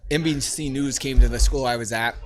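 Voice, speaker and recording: A middle-aged man from Maine, a history teacher and guest, chatting casually over beers in quick, matter-of-fact answers. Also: mid-range voice, steady tone, a little mellow, slight background noise. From Maine, United States.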